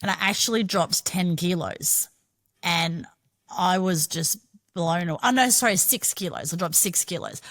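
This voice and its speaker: A woman's voice: fairly low pitch, normal speed, fairly bright tone. A middle-aged Australian woman telling her own story as a podcast guest, frank and chatty, swearing freely. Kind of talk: candid personal storytelling.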